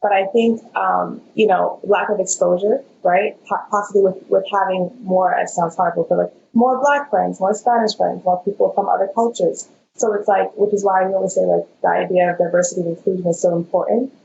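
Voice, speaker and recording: A young woman talks earnestly on a panel, her voice carrying a gravelly edge in a mid register. She slips into livelier quoted voices for what others have said. The audio is dull and lo-fi, with a faint hiss underneath. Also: medium pitch, fairly quick. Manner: earnest, animated quoting of others' words. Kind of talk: candid panel discussion.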